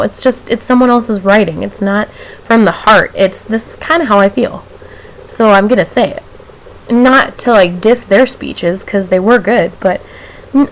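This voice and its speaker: A woman's voice: medium pitch, low-quality recording. A young woman talking to camera in a casual vlog, rambling and emotional, laughing often as she talks. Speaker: vlogger.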